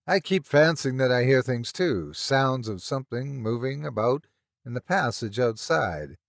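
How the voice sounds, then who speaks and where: A man voicing Barnes, a nervous but rational young man in a read-aloud ghost story, speaking in uneasy, measured tones. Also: mid-range voice, animated, vocal fry, no echo, clean studio sound.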